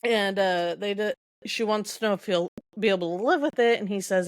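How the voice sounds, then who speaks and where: A woman talks through a book recap in a loose, chatty way, laughing easily as she goes. Her voice sits at a middle pitch. The sound is dry and close, with no room around it. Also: a little fast, no room sound. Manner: chatty, laughs while summarizing. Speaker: podcast host.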